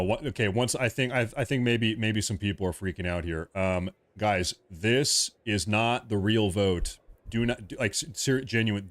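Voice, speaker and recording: A man hosting a live stream, giving casual commentary and repeatedly telling viewers not to worry, clearing his throat often. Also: on the low side, dry recording. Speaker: livestream host.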